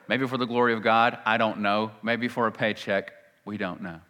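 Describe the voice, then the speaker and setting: Emphatic preacher with a bright voice. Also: male voice, fairly low pitch, steady tone, normal speed. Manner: emphatic, swings between loud and hushed; reads scripture aloud with dramatic emphasis. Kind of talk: sermon.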